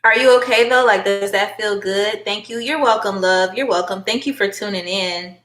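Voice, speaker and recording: Soft music plays behind a woman whose medium-pitched voice is fairly bright and moves at a normal speed. She's giving a live tarot reading on her phone in an echoey room, chatting affectionately and calling viewers honey and baby girl.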